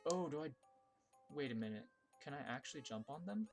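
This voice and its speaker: A man at an ordinary mid pitch chats his way through a game stream, thinking aloud and restarting sentences. He jumps to loud, high yelps when the game surprises him. Faint music plays underneath. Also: fairly quick. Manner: chatty, thinks aloud with many restarts and fillers; bursts of high excitement at surprises. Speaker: streamer playing viewer-made levels. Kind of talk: casual live-stream gameplay commentary.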